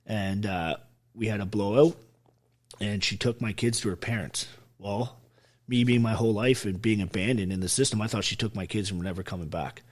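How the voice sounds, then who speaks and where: A Canadian army veteran with a husky, fairly low voice tells his life story as a podcast guest, talking a little fast. He speaks bluntly and with driving intensity, swearing hard and never softening his words, in a raw personal interview.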